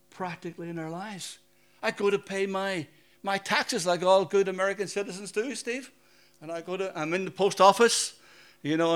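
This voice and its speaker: Northern Irish preacher, conversational. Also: male voice, high-pitched, fairly bright tone. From Northern Ireland. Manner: conversational, anecdotal, asks the audience questions. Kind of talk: sermon with personal stories.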